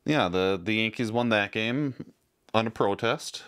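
A man co-hosting a casual sports podcast, starting sentences haltingly and repeating words. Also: lowish voice, a bit bright, smooth.

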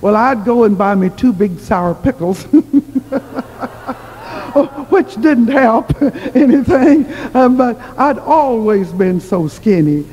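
A woman preacher spins a humorous, self-mocking story from the pulpit in a chatty way. Her voice sits high with a soft, mellow tone. A long reverb from a big hall trails her words. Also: lively intonation, slow, dull audio, a little hiss or hum. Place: church hall.

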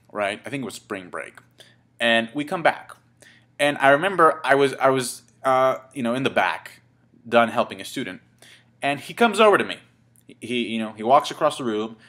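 A man's voice: mid-range voice, expressive, moderate pace, fairly bright tone. A man in his twenties telling a casual story to camera, rambling and swearing, with many fillers and restarts. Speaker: vlogger.

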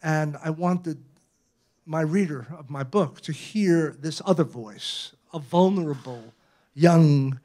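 A man in his eighties from Brooklyn, New York, an author, gives a chatty, anecdotal talk in a library event room, frequently checking in with his audience and tacking "right?" onto many phrases. His voice is a little high with a darkish tone.

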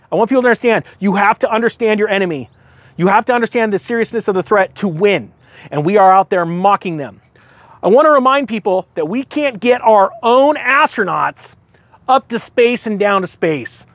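A fired-up man delivers heated commentary, reading news stories aloud and cutting in with blunt asides. His voice sits high for a man, and it sounds close and dry, with no room echo. He talks emphatically and does not let up. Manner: reads news aloud then breaks off to comment. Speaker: host of a finance commentary channel.

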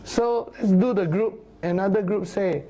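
Brief: man, Bible teacher, animated sermon delivery, voice sits a little high, grave on solemn points. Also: a little slow. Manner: animated, acts out crowd voices in a raised voice; drops to low, grave tones for solemn points.

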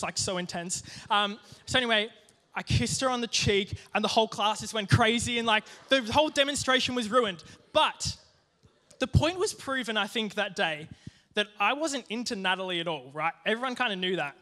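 A young man giving a youth sermon, telling a personal story in a lively, joking way with plenty of asides. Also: high-pitched, fairly quick. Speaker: youth group speaker.

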